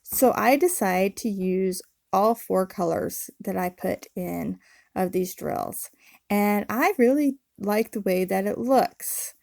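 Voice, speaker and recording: A woman narrating her scrapbooking process in a relaxed, casual voice-over, with many ums and uhs. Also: medium pitch, takes it slowly, vocal fry, no room sound, clean studio sound. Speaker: scrapbooking channel host.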